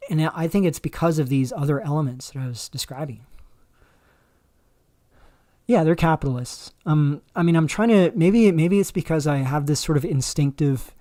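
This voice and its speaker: Mellow-voiced man rambling on stream. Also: fairly high pitch, dry recording, studio quality. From Canada. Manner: rambling, halting, many fillers and restarts. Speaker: livestream host. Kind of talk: casual livestream commentary.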